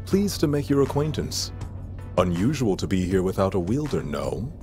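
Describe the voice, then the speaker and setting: An actor playing an earnest, formal young man in a game, speaking in a calm and measured way. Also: low voice, music in the background. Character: earnest serious young man, weapon companion. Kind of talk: video game voice acting.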